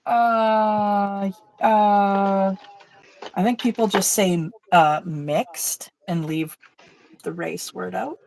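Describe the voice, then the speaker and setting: A woman's voice: medium pitch, steady tone, extremely slow, gravelly, darkish tone, poor audio. A woman co-hosting an art stream over a video call, chatting casually and emotionally as she paints, swearing now and then. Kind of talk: casual chat while painting.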